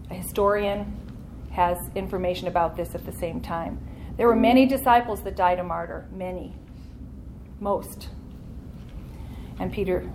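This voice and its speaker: A woman's voice: medium pitch, slight background noise. A woman teaching a church Bible study class in an earnest, conversational way, leaning into key points.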